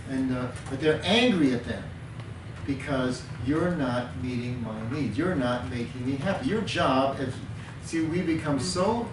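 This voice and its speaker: A male counselor talks earnestly in a plain, mid-range voice, often repeating a word for emphasis as he teaches. He sits away from the microphone in a reverberant room, and steady background noise runs under his speech. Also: medium pitch, measured pace. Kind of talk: conversational teaching talk. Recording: roomy, distant mic with background noise.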